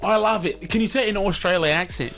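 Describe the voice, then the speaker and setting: A man's voice: high-pitched, quick pace, gravelly, a bit bright, soft background music. A young man from the UK co-hosting a casual chat, teasing and bantering playfully. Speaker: co-host.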